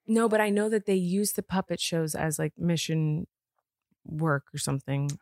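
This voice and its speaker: A woman's voice: fairly low pitch, fairly even intonation, normal speed, a little mellow, no room sound, clean studio sound. A woman co-hosting a podcast from bed at home, chatting casually with lots of "like" fillers and frequent laughter. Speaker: podcast co-host. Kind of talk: casual chat.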